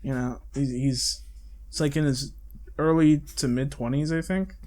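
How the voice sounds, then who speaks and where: A man's voice: medium pitch, fairly even intonation, measured pace, a little mellow. A young man co-hosting a podcast, chatting casually and rambling with casual swearing and frequent laughs. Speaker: podcast co-host. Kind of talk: casual chat.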